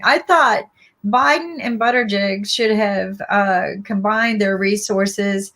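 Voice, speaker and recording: A woman with a Southern US accent giving her opinions in a casual political chat, animated and quick to restart her sentences. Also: medium pitch.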